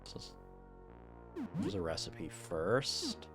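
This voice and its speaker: A man streaming a game, reading its text aloud with low-key muttered asides. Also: wildly swooping pitch, slow. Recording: game music behind the voice. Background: game music.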